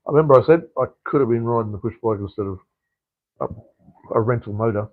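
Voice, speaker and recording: A man's voice: mid-range voice, quick pace, dry recording, phone-quality sound. A middle-aged man, chatting casually on his live stream, rambling, swearing freely and full of ums and restarts. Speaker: livestream host.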